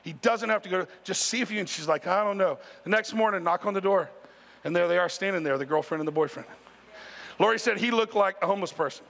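Male pastor, conversational sermon, high-pitched, church reverb. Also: fast talker, creaky. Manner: animated, conversational, talks straight to the congregation. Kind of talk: sermon storytelling. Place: church sanctuary.

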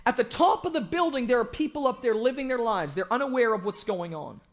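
A young man preaching an evangelistic sermon in a church, joking with the congregation and breaking into shouts for emphasis. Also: extremely high pitch, fairly quick. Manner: animated, joking, bursts into shouting.

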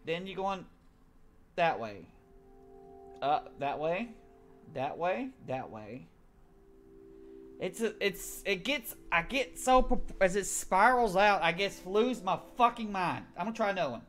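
A man's voice: high voice, sing-song, a little slow, pauses often, fairly bright tone, faint music behind. A man giving gameplay commentary, muttering to himself in frustration and swearing heavily. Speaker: gamer.

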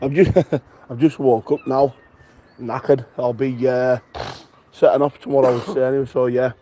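A man's voice: medium pitch, steady tone, normal speed, warm tone, low-quality recording. A young man leaving rambling, casual voice messages, swearing often and calling the listener pet names. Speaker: voice note sender.

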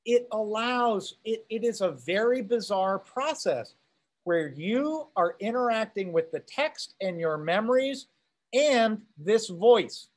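A man's voice: high-pitched, lively intonation, slow pace. Conversational male teacher. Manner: conversational, rhetorical questions, checking in with listeners. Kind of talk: lecture, reading aloud and commenting.

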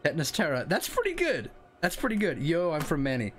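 A man with a Northern English accent giving casual, animated commentary on a livestream, swearing freely and laughing often. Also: on the high side, fairly quick, slight background noise. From northern England. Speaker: streamer.

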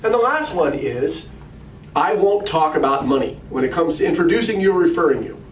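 A man's voice: a little high, animated, a little fast. A middle-aged man giving a conversational coaching talk. He tells stories and puts questions straight to his listeners. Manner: conversational storyteller, addresses listeners directly with questions. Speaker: practice management coach. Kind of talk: coaching talk to financial advisors. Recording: roomy, distant mic, faint ambient noise.

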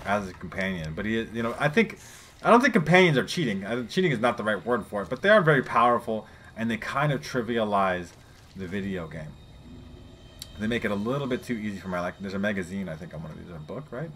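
A man's voice: lowish voice, lively intonation, fast, a bit bright. A man giving casual, rambling gameplay commentary, swearing freely and chatting to his viewers. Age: adult parent. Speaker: let's play gamer.

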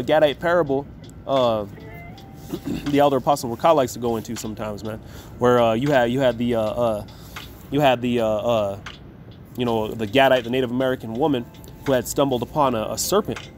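A Bible teacher with a somewhat mellow, medium-pitched male voice teaches scripture casually. He reads verses slowly and with emphasis, then comments loosely, tagging his lines with "man".

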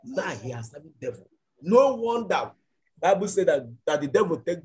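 A man's voice: a little high, big pitch swings, normal speed, breathy edge, low-quality recording. A man preaching a church sermon and leading fervent prayer, repeating his lines again and again. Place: church service.

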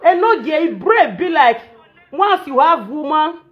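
A woman's voice: sits high, sing-song, unhurried, lo-fi sound, soft background music. A woman with a Nigerian Pidgin English accent, scolding and ranting animatedly on a live phone video, repeating herself for emphasis. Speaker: social media personality on a live video.

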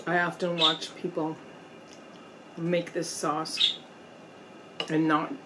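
A mukbang vlogger chats slowly while eating at home, pausing to eat and savor her food as a storm rages outside. Her voice is low and her delivery flat, with some background noise present.

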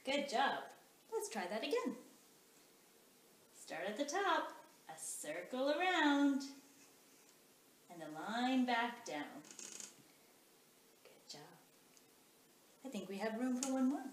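Woman, kindergarten teacher, high lively voice, slow encouraging delivery, echoey room. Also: slight background noise. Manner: slow, encouraging, sing-song teacher talk. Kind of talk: children's phonics lesson.

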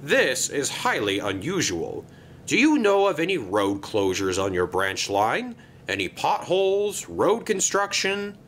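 A man's voice: mid-range voice, huge pitch swings, a little slow, fairly bright tone, slight background noise. A man doing Sir Topham Hatt, stern railway boss. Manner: formal and stern. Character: stern, pompous male railway controller.

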